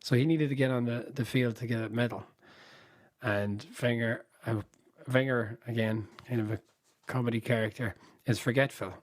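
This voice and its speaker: A man's voice: medium pitch, steady tone, normal speed. Man laughing through football anecdotes. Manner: laughing storyteller, retells anecdotes. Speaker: podcast co-host. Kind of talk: casual chat.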